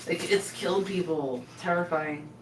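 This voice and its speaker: A woman co-hosting a casual podcast chat, telling stories with loud, animated impressions. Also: lowish voice, moderate pace, recorded from a distance, noisy background. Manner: animated storyteller, shrieking impressions. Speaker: podcast co-host. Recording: roomy, off-mic sound with faint ambience.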